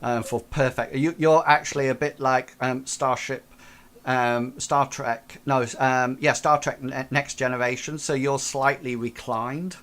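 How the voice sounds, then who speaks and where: A man's voice: medium pitch, steady tone, measured pace, a bit bright. Hesitant man running a tabletop game. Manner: hesitant, many fillers and restarts. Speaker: game master.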